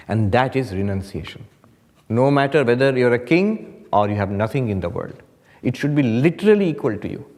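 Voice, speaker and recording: A man, a monk, gives a spiritual talk at a meditation retreat, teaching through humorous stories and lifting his voice for emphasis. His pitch sits in a middle range. The talk rings in a hall with a long reverb. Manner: animated storytelling with humor, rising emphasis. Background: audience laughter.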